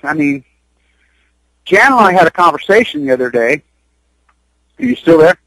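A man's voice: fairly high pitch, very animated, normal speed, a bit bright, dry recording, poor audio. A man speaking on a radio interview, urgent and rambling, repeating himself as he pushes his point. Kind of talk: impassioned radio interview talk. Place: Utah.

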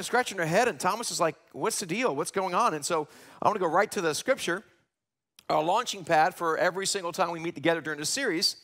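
Pastor guy preaching live in church, high voice, gets loud and excited acting out questions. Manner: animated preaching, acts out quoted questions with rising pitch. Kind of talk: sermon. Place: church sanctuary, live broadcast.

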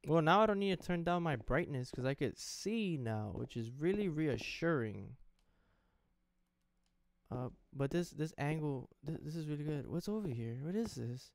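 A young man commenting casually as he plays through a horror game, reacting out loud, swearing and talking to the screen. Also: on the high side, animated, normal speed, gravelly, no room sound. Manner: jumpy, swearing, talks to the game. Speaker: gaming streamer. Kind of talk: let's play commentary.

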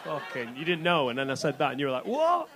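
A man's voice: mid-range voice, very fast, crowd noise. A middle-aged man performing a stand-up comedy set on a club stage, brash and sweary, acting out the voices he quotes. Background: faint audience laughter.

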